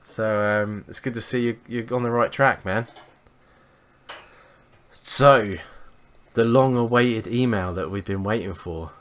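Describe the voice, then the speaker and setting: A young man, co-hosting a podcast and telling sweary, animated anecdotes in casual chat. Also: on the low side, measured pace, long pauses. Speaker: podcast co-host.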